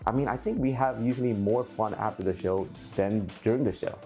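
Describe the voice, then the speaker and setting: Lively man telling reef-show stories. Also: fairly low pitch, a little fast, faint music behind. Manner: animated, acts out quotes, laughs often. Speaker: aquarium hobby YouTuber. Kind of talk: casual storytelling to camera.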